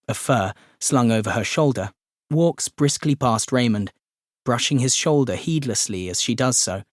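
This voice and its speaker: A man's voice: medium pitch, no echo. Man narrating an audiobook, dry close sound. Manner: measured, descriptive. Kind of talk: scripted narration.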